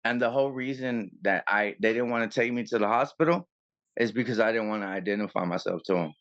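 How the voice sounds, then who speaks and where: A man, a copwatcher guest in an interview, telling a story in a casual, animated way and acting out both sides of an argument. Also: lowish voice, quick pace, muffled recording.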